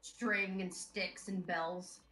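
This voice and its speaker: A woman's voice: on the low side, fairly even intonation, very slow, bright, forceful tone, reverberant. A woman chatting playfully and emphatically as a player in a tabletop game. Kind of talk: casual chat.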